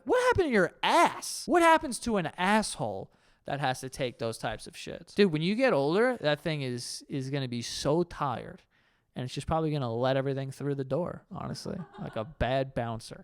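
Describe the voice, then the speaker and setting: A man's voice: a little high, clean tone, dry recording, clean studio sound. A male host reading internet confessions aloud and riffing on them with profane, sarcastic, incredulous asides.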